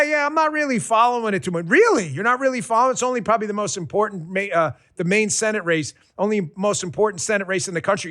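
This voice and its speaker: A man delivers heated political commentary. His voice sits high for a man and he yells often, swearing and mocking with open sarcasm. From Queens, New York. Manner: loud, passionate, profane, sarcastic. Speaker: political talk show host.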